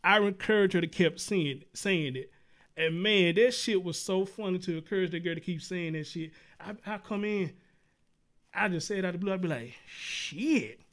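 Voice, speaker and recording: A man with a notably high speaking voice hosts a casual talk show. He rambles through stories in a loose, profane, conversational way, tossing in "dude" and "brother" as he goes. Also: moderate pace, fairly bright tone. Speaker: show host.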